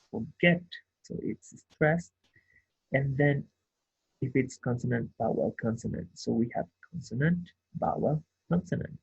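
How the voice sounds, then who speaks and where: A man's voice: medium pitch, vocal fry, a little mellow, breathy edge. A man teaching an English grammar lesson, explaining patiently step by step and checking in with his listeners. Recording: tinny phone-like sound.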